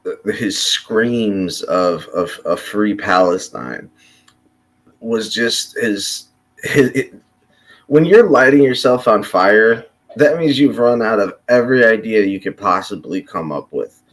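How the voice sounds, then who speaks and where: Slow, profane, impassioned man ranting. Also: lowish voice, animated. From Chicago. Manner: halting, restarting sentences. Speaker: commentator. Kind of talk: unscripted monologue rant.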